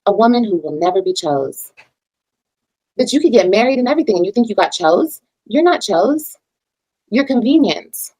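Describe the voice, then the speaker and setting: A woman's voice: expressive, moderate pace, low-quality recording. A mother on a livestream, ranting about her critics in a heated, profane way and lecturing her viewers. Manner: heated, profane, preachy, swings between loud and low. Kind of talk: casual livestream rant.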